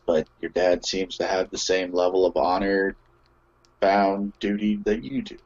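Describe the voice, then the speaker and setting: Man as worried adventurer, low husky voice, halting delivery, lo-fi mic. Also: level tone, a little mellow. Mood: earnest. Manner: hesitant, stammering restarts. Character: concerned male adventurer visiting a jailed friend. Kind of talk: in-character tabletop role-play. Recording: dull lo-fi mic.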